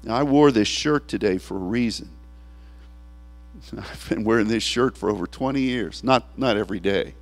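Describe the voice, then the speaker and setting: A man preaching a sermon as a pastor, animated and tearful, laughing at times and acting out the voices he quotes. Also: lowish voice, normal speed.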